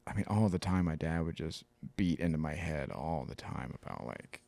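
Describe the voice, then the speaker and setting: A man's voice: rumbling low, lively intonation, moderate pace, gravelly, mellow, no room sound. A man co-hosting a podcast in casual chat, telling stories animatedly, mimicking other people and swearing freely. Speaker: podcast co-host.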